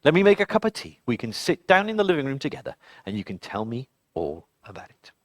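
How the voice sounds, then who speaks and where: A storyteller voicing a wise mother who speaks in a calm, soothing way. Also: medium pitch, dry recording, clean studio sound. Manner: soothing and slow.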